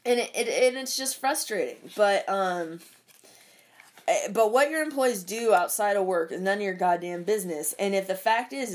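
A young adult woman ranting casually about politics and work, swearing often and rambling with lots of fillers. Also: mid-range voice.

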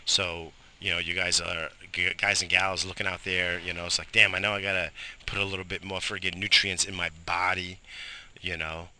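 Cussing guy on morning radio, low voice but real sharp and bright, coughing, ranting outside. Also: normal speed. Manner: profane, animated ranting with frequent coughs and sighs. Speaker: host of a morning radio show. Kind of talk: casual rambling monologue. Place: outdoors in his yard, smoking in the morning.

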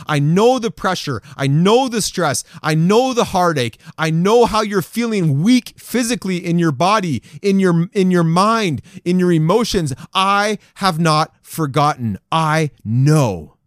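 A man's voice: high-pitched, animated, measured pace, few pauses, no room sound, clean studio sound. A man preaching on a podcast to other men, reading scripture and repeating its promises with fervent, building emphasis. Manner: fervent, repetitive, rising emphasis on quoted promises.

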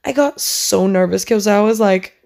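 Give me a young woman hosting a casual solo podcast. She rambles in a chatty way, peppering her talk with "like" and "oh my God". Her pitch sits in the middle, and a creaky vocal fry runs through her voice. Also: moderate pace, darkish tone. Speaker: podcast host.

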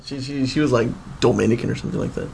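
A man's voice: medium pitch, very fast, vocal fry, a little mellow, slightly rough. A man co-hosting a podcast, chatting casually with teasing, laughing, profane banter. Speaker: podcast co-host. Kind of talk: casual chat.

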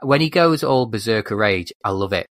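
In clean studio audio with no echo, a lowish male voice moves at normal speed. He's a podcast co-host in casual conversation, giving lively film commentary and often interrupting himself to restart sentences.

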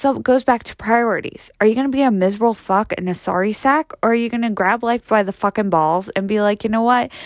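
A woman's voice: medium pitch, no echo, clean studio sound. A young adult woman hosting a podcast, talking in a casual solo monologue, blunt and profane, rambling with lots of fillers. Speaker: podcast host.

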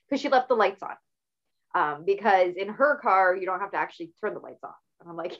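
A woman's voice: medium pitch, brisk. Chatty woman host, slightly muffled audio. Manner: chatty, animated storytelling with laughs. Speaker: podcast host. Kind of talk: casual conversational interview.

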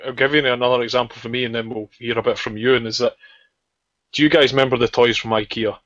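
A man's voice: medium pitch, fairly even intonation, fast talker, a bit bright, no echo. A Scottish man hosting a casual podcast, steering the talk and teasing his friends. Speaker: podcast host. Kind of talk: casual chat. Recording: dull lo-fi podcast audio.

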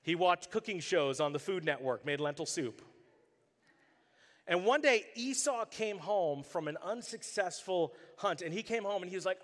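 A man's voice: high-pitched, moderate pace, long reverb tail. A male pastor preaching a sermon, telling stories with animation and acting out the characters' voices. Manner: animated storytelling, acts out voices.

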